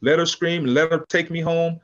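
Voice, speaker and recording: High-voiced older man telling a story. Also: fairly quick, muffled recording. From California, USA. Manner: animated storyteller, acts out quotes, frequent restarts. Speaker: podcast guest, business founder. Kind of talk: casual storytelling interview.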